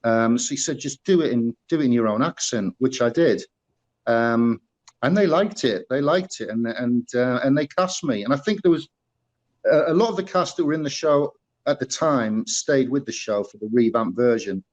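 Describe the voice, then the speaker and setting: A former musical performer from Middlesbrough in northeast England, speaking with a Teesside accent, rambles through stories in a casual interview, full of fillers and restarts. His medium-pitched voice is expressive at a moderate pace, and the sound is lo-fi.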